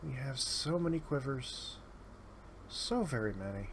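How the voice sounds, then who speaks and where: A man's voice: mid-range voice, animated, measured pace, a bit bright, a little hiss or hum. A man giving casual, sardonic gameplay commentary, muttering his way through lists of items. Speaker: let's play host. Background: keyboard typing.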